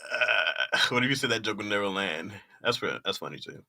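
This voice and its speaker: A man's voice: lowish voice, lively intonation, fairly quick, pushed and bright. A man reading his old jokes aloud to a live chat in casual talk, laughing at them and mocking himself.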